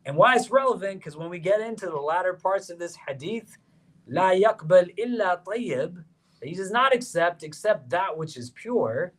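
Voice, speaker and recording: A man's voice: high voice, lively intonation, normal speed, hardly any pauses, a bit bright. A man, an imam, speaks to a crowd sitting on the floor of a prayer hall. He keeps it conversational and turns to the room with frequent questions. When he drives a point home, his voice jumps up sharply. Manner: voice rises sharply on emphatic questions. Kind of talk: religious lecture to a seated audience.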